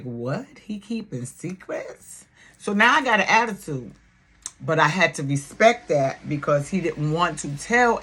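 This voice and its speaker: A middle-aged woman talking casually and bluntly on her video channel, loud and animated, swearing freely, with grief showing through in places. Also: deep voice. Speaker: YouTube reality-TV commentator. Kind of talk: casual vlog commentary.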